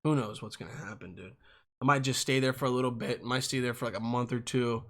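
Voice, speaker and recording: A man's voice: medium pitch, steady tone, fast, vocal fry, fairly bright tone. A young man in his twenties hosting a solo podcast, rambling and profane, jumping between topics. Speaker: podcast host.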